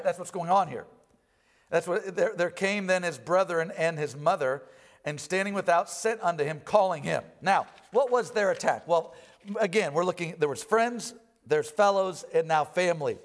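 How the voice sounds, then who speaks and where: High-voiced preaching pastor. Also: male voice. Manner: animated preaching, rising loud for emphasis and dropping low for quoted lines. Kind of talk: sermon. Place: church.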